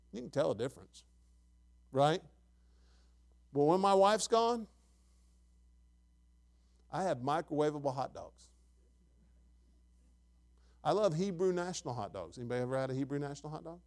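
A man's voice: a little high, a little mellow. A middle-aged man preaching a sermon as pastor, in a conversational style with jokes and repeated questions to the congregation.

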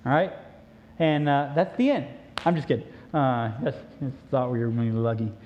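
A male preacher telling a story in a sermon, animated and joking, on a dull lo-fi recording. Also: mid-range voice, normal speed.

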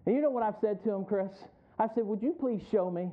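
A man's voice: high-pitched, fast talker. A male pastor preaching a sermon, rising in emphasis and calling out to the congregation for responses. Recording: tinny phone-like sound.

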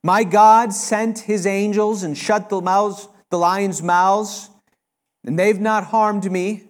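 A man voicing a faithful, steadfast prophet in a scripture retelling, declaring his words slowly and solemnly. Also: high-pitched, steady tone, voice pushed up. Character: faithful old male prophet, calm and steadfast.

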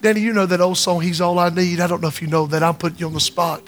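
Man preaching, fervent sermon, high voice, long church reverb, faint music behind. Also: flat delivery, very fast. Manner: fervent preaching, drops to hushed tones and breaks into song. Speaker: pastor. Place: church sanctuary.

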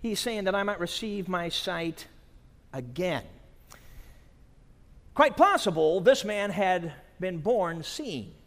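A man preaching a sermon at a conference, dramatic, dropping to a hush and then rising to shouts. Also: high-pitched, animated, takes it slowly, pauses often. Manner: dramatic, swings from hushed to shouting. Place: large conference hall. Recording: long reverb of a large hall.

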